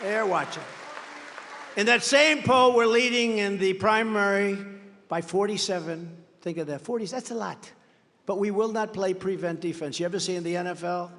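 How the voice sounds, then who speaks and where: Older American candidate, raised pitch, rambling rally boasts, long hall echo. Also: male voice, normal speed, some chatter behind. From United States. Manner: rambling, boastful, bursts of shouting. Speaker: political candidate. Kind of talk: campaign rally speech. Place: large rally venue.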